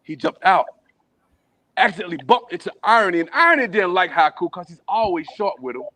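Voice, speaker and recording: A man performing spoken word poetry at a virtual open mic, full of playful wordplay and swinging from low murmurs to raised shouts. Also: big pitch swings, brisk. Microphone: video call.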